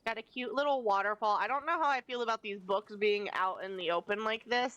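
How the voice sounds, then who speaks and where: A woman's voice: mid-range voice, fairly quick, hardly any pauses, fairly bright tone, dry recording, rough recording. A woman live-streaming a game from a home setup, chatting casually with playful, self-deprecating asides.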